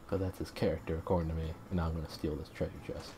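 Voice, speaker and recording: A man's voice: rumbling low, little pitch movement, racing, background noise. A man hosting a let's play, rambling through self-mocking jokes while game music plays.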